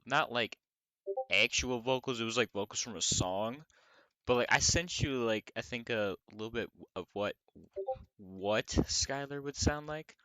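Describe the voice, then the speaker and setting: Male streamer host, rambling casual chat, crisp dry sound. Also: mid-range voice, unhurried, bright, forceful tone, no room sound. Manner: rambling, frequent restarts.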